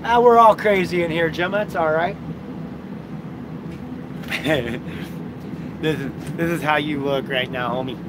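High-voiced joking man on a stream. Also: a little slow, long pauses, noisy background. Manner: jokey, laughing, swearing. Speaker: co-host on a live stream. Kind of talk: casual live-stream chat.

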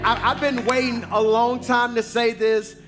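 A man preaching as a guest pastor at a large church, rousing and often shouting, repeating lines for emphasis in a call-and-response sermon. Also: very high voice, flat delivery, measured pace, music in the background. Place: large church, live service.

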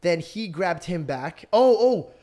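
A man's voice: high-pitched, animated, takes it slowly, dark tone. A man joking and cutting in during casual podcast chat. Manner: joking, interjecting banter.

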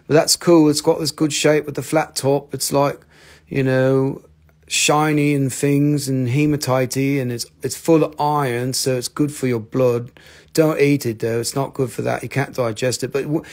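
A man hosts a live crystal sale, loose and jokey, wandering off into asides as he shows each piece. His mid-pitched voice has a strong gravelly fry running through it. He grew up in North Carolina. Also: darkish tone. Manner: jokey, rambling, self-mocking. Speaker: host of a live crystal sales stream. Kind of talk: casual live sales chat.

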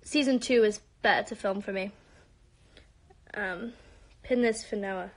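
A woman's voice: medium pitch, measured pace. A young woman with a British accent chatting casually during a live-stream Q&A. She talks bubbly and chatty, often dropping to a whisper for asides, on a phone held at arm's length. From born in Spain, raised in London. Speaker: live-stream host answering fans.

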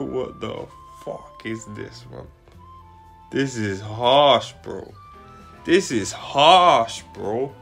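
A young man, giving slang-heavy, excitable commentary straight to his viewers. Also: mid-range voice, creaky. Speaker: gaming channel host. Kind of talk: casual live commentary.

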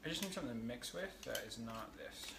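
A woman's voice: very deep voice, expressive, quick pace, gravelly, very noisy. A woman co-hosting a casual home cooking video, joking about her mistakes and reading out viewer comments. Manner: self-deprecating, apologetic and jokey. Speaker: co-host. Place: home kitchen. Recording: echoey kitchen with clattering dishes.

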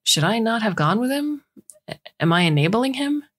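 A woman's voice: on the high side, sing-song, normal speed, husky, pitched above the performer's own voice. A woman voicing a wary, exasperated young adult son who talks bluntly and asks questions.

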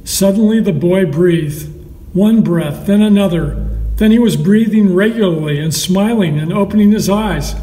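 A man reading a Bible story aloud to children in a slow, measured storytelling way. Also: sits high, dark tone. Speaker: Sunday school storyteller. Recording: echoey hall, mic far off.

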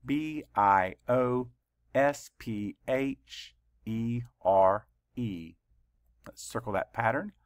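A man teaching a spelling lesson to schoolchildren, speaking very slowly and carefully as he calls out words and spells them letter by letter. His medium-pitched voice sits close to the mic in a dry space with no room echo. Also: smooth. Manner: slow, deliberate letter-by-letter dictation.

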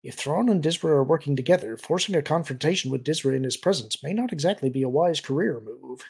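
A man voicing a cautious male colonel who speaks uneasily in a low murmur. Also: animated, fast, creaky, a little mellow, breathy edge, exaggerated voice. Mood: uneasy.

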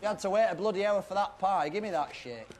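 A cocky skinhead, teasing and coaxing with a high, bouncy voice. A faint hum of outdoor film ambience sits underneath. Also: male voice, animated, fast. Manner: teasing, coaxing, swears casually. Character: friendly cocky young skinhead gang leader. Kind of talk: film drama.

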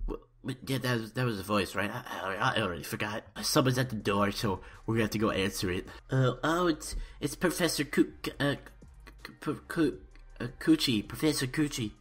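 A man's voice: mid-range voice, fairly quick, a bit bright, slightly rough. A young man doing parody let's-play commentary, stammering and overhyped in a mock-earnest way. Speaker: YouTuber.

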